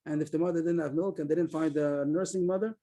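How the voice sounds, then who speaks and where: A man teaching a Talmud class over a video call, explaining quickly and repeating himself as he reads the text aloud. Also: fairly high pitch, fairly even intonation, warm tone.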